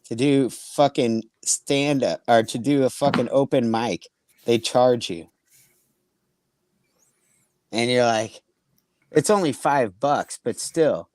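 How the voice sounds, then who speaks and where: A man's voice: medium pitch, takes it slowly, pauses often, darkish tone, no room sound. A young man who is a comedian, telling rambling, profane anecdotes in casual chat and acting out the quotes. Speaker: comedian, podcast co-host.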